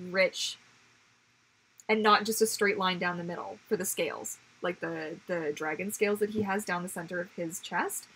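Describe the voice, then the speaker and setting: Woman streamer, casual chat to viewers, husky and breathy, chatty with frequent restarts. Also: medium pitch, fairly bright tone. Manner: chatty, rambling, many fillers and restarts, laughs often. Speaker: livestream host. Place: home.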